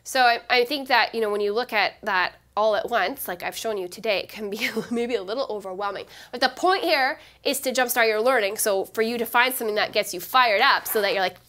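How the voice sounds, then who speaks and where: A woman's voice: a little high, brisk, hardly any pauses. A woman giving a live online piano lesson, explaining chords in an upbeat way while she plays and sings along. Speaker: piano teacher. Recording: loud piano playing under the voice.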